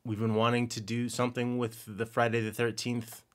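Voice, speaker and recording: A man hosting a casual podcast with a sore back, talking in a wry, deadpan way. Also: mid-range voice, moderate pace. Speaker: podcast host. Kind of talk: casual chat.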